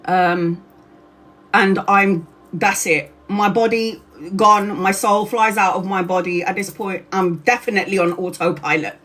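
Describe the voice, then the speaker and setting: A tired woman, a tarot reader, telling a personal story to her livestream viewers in a casual, animated way, swearing freely. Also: medium pitch, a little slow. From Brazil. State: exhausted.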